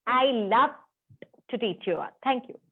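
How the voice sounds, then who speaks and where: A woman with an Indian English accent teaching children on a video call, counting out sums slowly and sing-song. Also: fairly high pitch, lively intonation, breathy edge. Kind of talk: online class for children. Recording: narrow phone-like video call audio.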